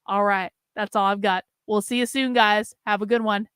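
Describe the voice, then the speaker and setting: A woman hosting a casual livestream, a little drunk and chatting breezily. Her voice is bright, crisp and a touch high. It is recorded dry and close. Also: fairly even intonation, normal speed, no room sound. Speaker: host.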